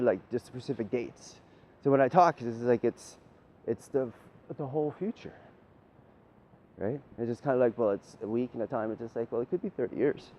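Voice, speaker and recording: A man's voice: medium pitch, highs cut off, slight background noise. Man preaching in a rambling, profane way. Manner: profane, repeats "right?" often. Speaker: self-styled spiritual leader.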